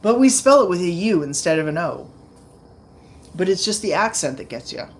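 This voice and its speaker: A woman's voice: fairly low pitch, sing-song, normal speed, a little hiss or hum. A woman hosting a casual livestream from her home, rambling chattily with lots of fillers. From Canada. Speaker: channel host. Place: home, indoors.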